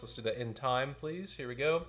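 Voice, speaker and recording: A man's voice: medium pitch, moderate pace, crowd noise. A man leading a choir sectional rehearsal. He counts in, sings short phrases and explains notes patiently. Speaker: choir director.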